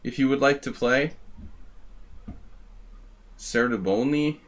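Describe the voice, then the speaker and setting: A man streaming live chess, chatting loosely to his viewers. He rambles from one thought to the next, thanking people by name in a relaxed, mid-pitched voice. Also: slow. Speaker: chess streamer hosting a simul. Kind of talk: casual live-stream chat.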